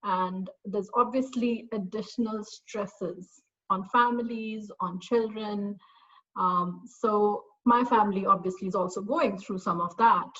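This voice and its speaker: A woman's voice: medium pitch, a little slow, bright, forceful tone, muffled recording. A middle-aged woman, a parent, giving a casual, reflective personal testimonial with many fillers. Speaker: parent and course graduate.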